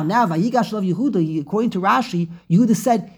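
A woman teaching a scripture lesson in an animated, emphatic way, often repeating phrases. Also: medium pitch, fast talker, hardly any pauses, husky. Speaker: religious teacher.

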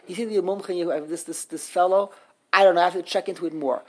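A woman's voice: fairly low pitch, steady tone, fast talker, a little mellow. A woman teaching an interactive scripture grammar class, emphatic, often restarting and repeating words. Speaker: religious studies teacher.

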